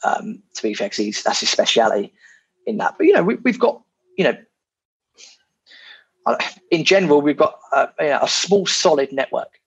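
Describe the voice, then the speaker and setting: A man's voice: on the high side, very animated, moderate pace, long pauses, husky, no room sound, poor audio. A man from England chatting casually as a property investor guest, frank and self-deprecating, with plenty of fillers. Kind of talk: casual podcast chat.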